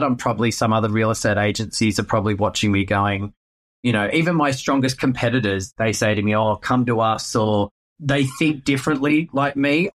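A man, a real estate agent answering interview questions in a playful, animated way. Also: on the low side.

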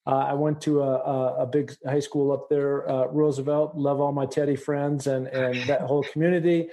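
This middle-aged podcast host from the United States interviews a guest enthusiastically, rambling with plenty of fillers. He has a mid-range, dark-toned voice, a flat delivery, and normal speed.

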